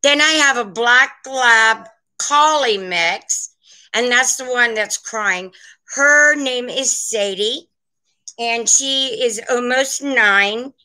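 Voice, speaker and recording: A woman's voice: on the high side, takes it slowly, pushed and bright, smooth, poor audio. A woman running a live online sale from her home, chatting in a rambling, friendly way to her viewers. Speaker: online vintage seller. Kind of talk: live-stream sales chat. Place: at home, indoors.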